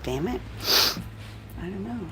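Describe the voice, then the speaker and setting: A woman's voice: mid-range voice, big pitch swings, unhurried, very noisy. A woman from Texas filming police from her car, with a mocking running commentary full of swearing. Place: inside a parked vehicle.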